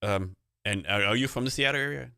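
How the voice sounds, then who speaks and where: A man from Texas hosting a podcast, talking quickly and upbeat with frequent laughs. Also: mid-range voice, vocal fry, pushed and bright, no echo, studio quality. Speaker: podcast host. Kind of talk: casual podcast chat.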